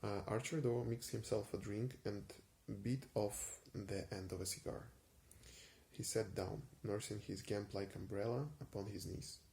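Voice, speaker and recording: A man giving an unhurried ASMR reading of a vintage story, with frequent small hesitations. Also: on the low side, fairly even intonation, creaky, dark tone. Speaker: reader.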